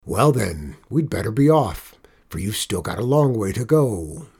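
A man reading a storybook aloud and voicing a stern, gray-bearded ship captain who talks in a gruff, commanding way. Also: fairly low pitch, big pitch swings, unhurried, a little mellow, exaggerated voice.

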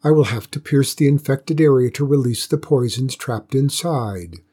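A man's voice: mid-range voice, moderate pace, dark tone, husky, close to an everyday voice. Man reading a resolute young maiden. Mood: calm. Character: brave young village maiden healer, calm and determined.

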